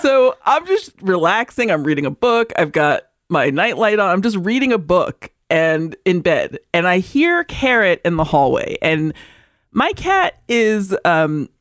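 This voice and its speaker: A woman co-hosting a podcast, telling a lively story in casual chat and acting out her cat's thoughts in little voices. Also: fairly low pitch, a little slow, no room sound, studio quality. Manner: animated storyteller, acts out her cat. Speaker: podcast co-host. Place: converted barn in the country.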